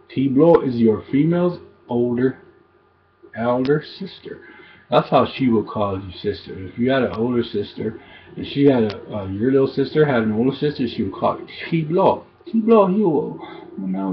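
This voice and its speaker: A man giving a casual language lesson, halting and repeating each word slowly for learners. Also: mid-range voice. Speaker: language teacher. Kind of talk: informal recorded language lesson. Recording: dull lo-fi recording, faint noise.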